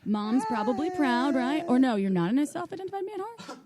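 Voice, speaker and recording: A woman's voice: high-pitched, big pitch swings, brisk, crowd noise. A woman co-hosting a podcast, chatting in a playful, teasing, giggly way. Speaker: podcast co-host. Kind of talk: casual chat.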